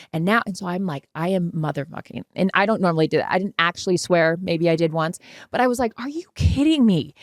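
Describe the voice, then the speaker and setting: A woman's voice: medium pitch, no room sound, clean studio sound. A woman co-hosting a podcast in casual chat, telling a story with lots of energy and the odd swear word. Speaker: podcast co-host.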